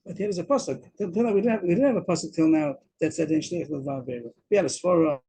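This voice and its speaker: Speaking at a quick pace, a man gives a daf yomi Talmud lesson over a video call, explaining each step, repeating words and using Aramaic terms. His voice is on the high side, creaky and warm with a breathy edge, in a low-quality recording.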